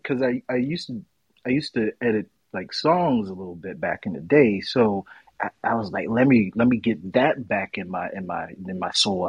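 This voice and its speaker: Deep-voiced husky man, candid podcaster. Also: no echo, highs cut off. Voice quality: deep radio voice. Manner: reflective, candid, laughing asides. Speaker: podcast co-host. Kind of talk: casual podcast chat.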